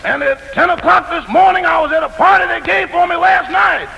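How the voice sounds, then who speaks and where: An actor playing an easygoing valet in a 1940s radio comedy, calling in on the phone with a gravelly voice. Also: male voice, very high voice, brisk, bright, forceful tone, lo-fi sound, exaggerated voice. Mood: sly. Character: sly, easygoing adult male valet calling in. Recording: noisy 1940s radio broadcast.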